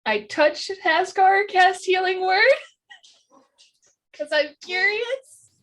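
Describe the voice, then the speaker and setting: A woman's voice: very high-pitched, extremely slow, fairly bright tone. A woman playing a tabletop role-playing game, talking earnestly through her character's actions and laughing often. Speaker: player.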